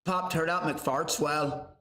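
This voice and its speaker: A young man hosting a livestream from his garage, loud and profane, shouting out names from chat. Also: on the high side, fairly even intonation, slow pace. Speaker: livestream host. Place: home garage. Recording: roomy garage echo.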